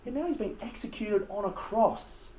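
A man's voice: high voice, normal speed. A man giving a laughing, conversational Bible talk to young people as youth leader. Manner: animated, laughing, conversational preaching. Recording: roomy, slightly dull recording.

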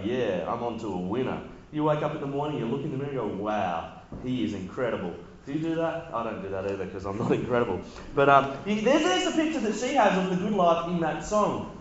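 Joking youth pastor in an echoey hall. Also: male voice, on the high side, dull audio, slight background noise. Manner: conversational, joking with the audience. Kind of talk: sermon to teenagers.

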